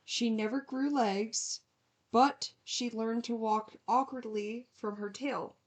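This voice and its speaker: Young woman podcast cohost, slow easy pace, telling a story carefully. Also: fairly high pitch, fairly even intonation. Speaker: podcast co-host. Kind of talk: casual chat and story reading.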